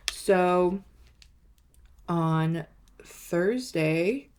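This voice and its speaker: A woman in her twenties telling a dating story in a rambling, casual way, with lots of "like" and "you know". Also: fairly low pitch. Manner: animated, acts out quoted lines. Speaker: vlogger.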